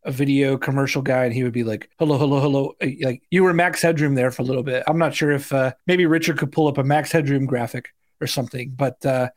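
A man's voice: mid-range voice, fast talker, few pauses. A man around forty co-hosting a sports podcast, talking loosely with lots of fillers and "like"s. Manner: loose and chatty, many fillers and "like"s. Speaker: podcast co-host. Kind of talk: casual sports podcast chat.

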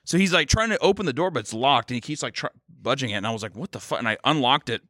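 In a studio, a podcast co-host with a mid-range voice tells a story in rapid-fire fashion, animated and casual, swearing and acting out other people's voices. The recording is studio quality with no echo.

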